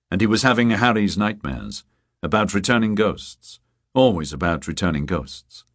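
A man narrating a thriller audiobook in a measured, even storytelling manner. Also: lowish voice. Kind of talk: scripted narration. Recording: dry close studio sound.

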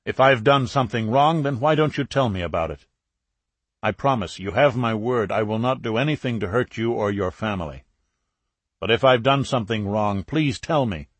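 A man's voice: on the low side, expressive, normal speed, no room sound. Man playing a polite, earnest older commentator. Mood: appeasing. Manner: polite, appeasing.

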